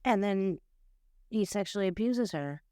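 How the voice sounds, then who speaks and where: Female podcast co-host, smooth resonant low voice, reflective and empathetic, dry close sound. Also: animated, a little slow, warm tone, dry recording. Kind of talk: casual chat.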